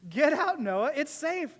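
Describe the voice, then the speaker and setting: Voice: high-pitched, big pitch swings, slow, full character voice. Give me God reassuring Noah, earnest and a bit raised, acted by a preacher, in a reverberant hall.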